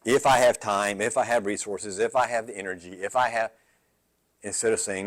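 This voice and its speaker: Pitched fairly low and moving at an ordinary speed, this man is a pastor giving a conversational midweek Bible study. He keeps asking his listeners "right?" and tends to repeat words along the way.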